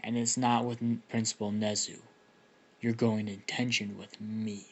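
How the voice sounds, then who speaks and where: A man's voice: flat delivery, normal speed. Aizawa, a man doing a growling stern teacher. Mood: stern, threatening. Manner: low growling, half-whispered threats. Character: stern male teacher hero, gruff and threatening.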